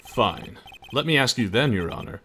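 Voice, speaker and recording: A man voicing a cool, aloof male prosecutor who speaks slowly and contemptuously. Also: mid-range voice, animated, bright, forceful tone, husky. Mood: cold. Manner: slow, cold, contemptuous.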